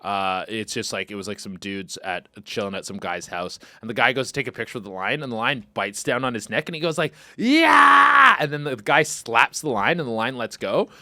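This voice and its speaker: A man hosting a comedy podcast, riffing in excitable, profane casual commentary. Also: on the low side, fairly quick, hardly any pauses, dry recording. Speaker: podcast host.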